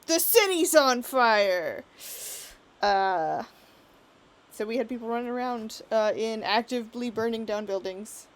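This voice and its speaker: A woman's voice: on the high side, lively intonation, a little slow. A woman narrating as game master on a live stream, chatty and giggly with lots of fillers.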